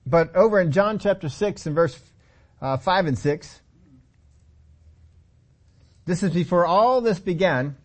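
A man's voice: sits high, lively intonation, unhurried, long pauses. A man preaching a sermon, telling the story with humor, acting out the characters and asking the audience questions. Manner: laughs often and asks the audience questions.

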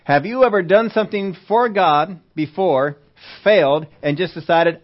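A man preaching a sermon in an easy, conversational tone, with a voice that sits a little high for a man. He often puts questions to the congregation. The recording sounds dull and lo-fi. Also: normal speed. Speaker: pastor.

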